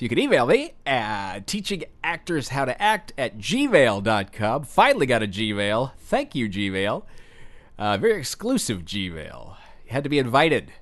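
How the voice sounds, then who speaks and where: Rambling comedic man with a lively swooping voice. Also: medium pitch. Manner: halting, stumbling over words with many fillers; absurd, self-important non sequiturs. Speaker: comedic podcast host playing an acting coach. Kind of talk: rambling deadpan comedy monologue.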